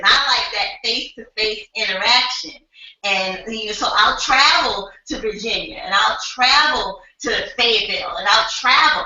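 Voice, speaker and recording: Woman, very bright sharp voice, earnest pep-talk, far from the mic in an echoey room. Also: on the high side. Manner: earnest, preachy encouragement. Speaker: team leader guest. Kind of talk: motivational chat on a web call. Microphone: video call. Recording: very echoey, distant, dull web call audio.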